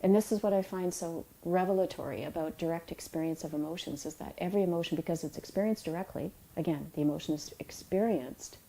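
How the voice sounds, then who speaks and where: A middle-aged woman, an author, giving a reflective talk about emotions in a soft, unhurried and tender way, with pauses. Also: lowish voice, gravelly, rough recording. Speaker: author and yoga teacher.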